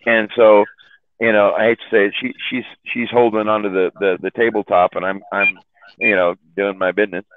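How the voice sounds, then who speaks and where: A man's voice: lowish voice, little pitch movement, a little fast, noisy background. A man casually telling long rambling stories to a chat room, stumbling over and repeating his words and laughing often. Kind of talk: casual storytelling. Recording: tinny phone-like line, dry.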